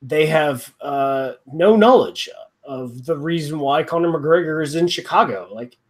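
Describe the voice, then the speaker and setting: A man's voice: on the high side, expressive, measured pace. A man co-hosting a rugby podcast, casual and rambling, joking with plenty of fillers and restarts. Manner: wry, joking. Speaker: podcast co-host.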